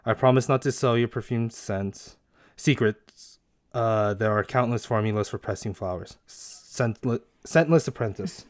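A man's voice: fairly low pitch, measured pace, dry recording, clean studio sound. Laid-back young man reading quiz answers. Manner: laid-back, swears casually, reads quiz options aloud. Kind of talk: casual chat doing online quizzes.

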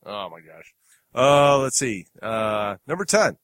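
A man's voice: mid-range voice, very animated, slow, fairly bright tone. A man hosting a film review podcast, chatting casually with fillers and laughs as he plays clips. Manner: rambling, chuckling, many fillers. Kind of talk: casual chat.

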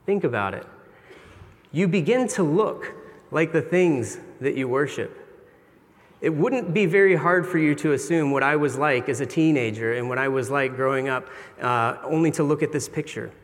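A man's voice: fairly high pitch, lively intonation, normal speed. A middle-aged man preaching a sermon in an earnest, confessional, conversational way. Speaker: pastor. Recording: long reverb of a large hall.

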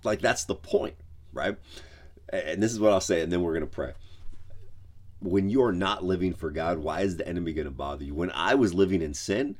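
Man, pastor, very low voice, laid-back devotional chat, rambling with fillers. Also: fairly quick. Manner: conversational, lots of "like" and "you know". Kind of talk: casual devotional podcast talk.

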